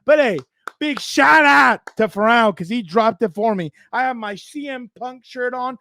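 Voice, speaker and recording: A man co-hosting a sports podcast, ranting in a worked-up way with loud, fast bursts. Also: very high voice. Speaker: podcast co-host. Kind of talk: fired-up sports rant.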